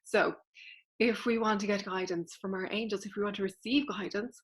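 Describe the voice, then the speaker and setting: A woman's voice: medium pitch, steady tone, normal speed. A woman, a spiritual teacher explaining things earnestly and directly to her viewers in a casual vlog.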